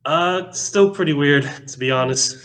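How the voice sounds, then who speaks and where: A man's voice: on the high side, moderate pace, fairly bright tone. A man calling in from a hotel room, giving easygoing, brief answers. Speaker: caller. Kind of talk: casual call-in chat.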